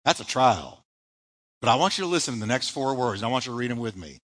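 A man's voice: mid-range voice, big pitch swings, fast talker, a bit bright. A man preaching a sermon as pastor, building with emphatic repeated refrains and rising bursts. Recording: live church sermon audio.

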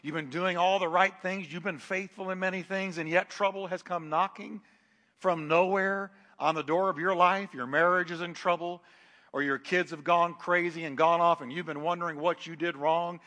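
A male preacher with a high, ringing voice delivers a sermon with strong emphasis. He swings from booming declarations down to hushed asides, and his voice carries a long reverb through a large hall. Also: fairly even intonation, moderate pace. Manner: emphatic, shifts between loud declarations and quiet asides.

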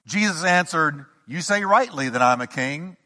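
A man's voice: on the high side, lively intonation, normal speed, pushed and bright. A male pastor preaching a sermon, emphatic, with rising repeated questions. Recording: long hall reverb.

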